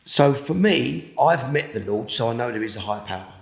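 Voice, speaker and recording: Gravelly British man telling his testimony. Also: medium pitch, lively intonation, echoey room. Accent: British English. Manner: halting, repeats words, drops to a hush at intense moments. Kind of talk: emotional personal testimony.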